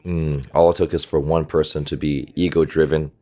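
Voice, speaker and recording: A man's voice: extremely low pitch, level tone, moderate pace, warm tone. A man, a volleyball coach, chatting casually through an anime reaction and pointing out small animation details, on a desktop microphone. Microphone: desktop USB microphone.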